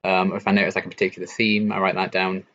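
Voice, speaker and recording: A young man from England hosting a casual late-night live-stream Q&A, answering chat in a relaxed, chatty way with lots of ums and likes. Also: low voice, fast talker, a little hiss or hum. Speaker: YouTube reaction channel host. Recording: slightly dull lo-fi stream audio.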